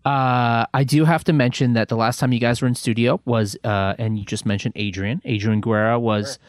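Halting male interviewer, dry sound. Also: medium pitch, steady tone, no room sound. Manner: hesitant, halting questions. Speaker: interview host. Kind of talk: casual interview.

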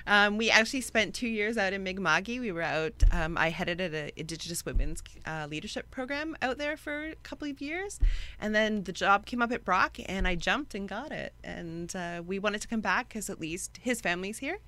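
A woman's voice: medium pitch, expressive, normal speed, bright, forceful tone. A woman talking as a guest in a podcast discussion, thoughtful, with many fillers and "right?" tags. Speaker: guest, university academic.

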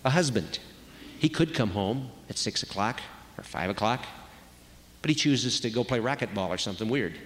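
Lively man preaching in a reverberant hall. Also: fairly low pitch, normal speed, slight background noise. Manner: lively, conversational, acts out quoted voices. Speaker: speaker at a marriage retreat. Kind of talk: sermon. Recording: long reverb of a large hall.

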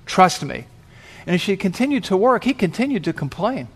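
A man's voice: sits high, expressive, fast, husky. A man preaching, telling a vivid story and acting out the voices of the people in it. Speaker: pastor. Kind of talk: sermon storytelling.

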